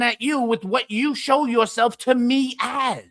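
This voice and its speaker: A man ranting in casual streamed panel chat, profane and preachy, with loud emphatic bursts. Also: very high-pitched, normal speed, creaky, few pauses. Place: online streaming call.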